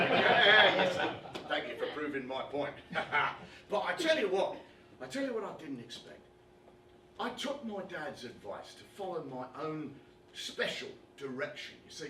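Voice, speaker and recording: An actor playing a brash, chatty British boxing commentator in an animated one-man stage comedy monologue, talking straight to the audience. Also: high voice, slight background noise, heavily acted. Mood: confiding. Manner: animated, chummy, addresses the audience directly. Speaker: stage performer. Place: theatre stage with a live audience. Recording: roomy live stage recording from far off.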